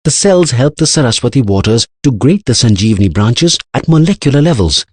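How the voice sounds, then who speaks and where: A man's voice: mid-range voice, big pitch swings, a little fast, darkish tone, breathy edge, no room sound, voice pushed up. A man voicing an anxious older male scientist who explains at length in an earnest way. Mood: grave.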